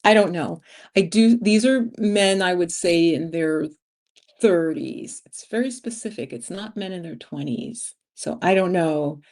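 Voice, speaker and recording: Woman in her 50s doing a chatty livestream, slightly low voice, laughs between stories. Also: unhurried. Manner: chatty, laughs often, animated storytelling. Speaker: livestream host. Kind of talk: casual livestream chat reading viewer comments.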